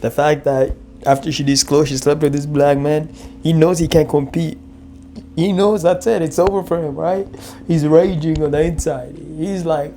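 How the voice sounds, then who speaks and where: A man's voice: fairly high pitch, steady tone, moderate pace, warm tone, slight background noise. A man giving casual, slangy commentary on clips, chuckling often and speaking straight to his viewers. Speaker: reaction commentator.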